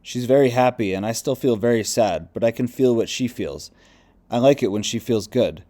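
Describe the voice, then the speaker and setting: A man's voice: moderate pace, lightly acted. A man reading as a lost, bitter male spirit. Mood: resentful. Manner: low, subdued, quiet delivery.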